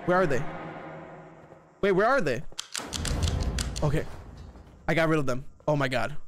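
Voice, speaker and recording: High, excitable young streamer guy. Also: measured pace, noisy background. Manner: excitable, shrieks when scared. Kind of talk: live gameplay commentary.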